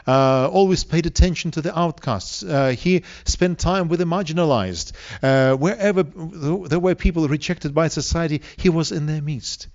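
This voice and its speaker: A man's voice: fairly high pitch, darkish tone. Earnest male preacher, dull lo-fi sound. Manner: earnest, asks the congregation questions. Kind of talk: sermon.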